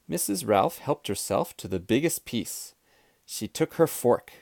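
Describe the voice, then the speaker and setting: A man reading a children's storybook aloud, clear, expressive and deliberate. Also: medium pitch, dry recording. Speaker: storybook reader.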